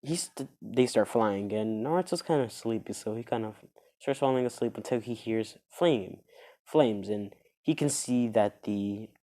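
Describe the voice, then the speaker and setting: A man telling an improvised fan story in a meandering, halting way, full of fillers and restarts. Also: lowish voice, dark tone.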